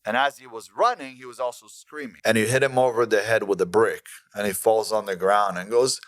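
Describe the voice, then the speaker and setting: A man's voice: lowish voice, fairly even intonation, brisk, few pauses, dry recording. A man telling boastful tough-guy stories as a podcast guest, acting out quotes with bravado. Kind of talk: boastful storytelling.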